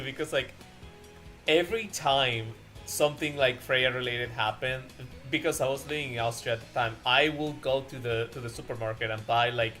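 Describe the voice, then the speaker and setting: A man's voice: mid-range voice, fairly bright tone. Giggly rambling male streamer. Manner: laughs often, rambling with many restarts and fillers. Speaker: streamer host. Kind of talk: casual chat on an art stream.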